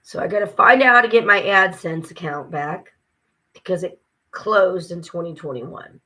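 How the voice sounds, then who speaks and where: A woman's voice: lowish voice, normal speed, sharp tone. A tired woman ranting casually to camera, frustrated and swearing as she vents. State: exhausted. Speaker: vlogger. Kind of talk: casual vlog rant.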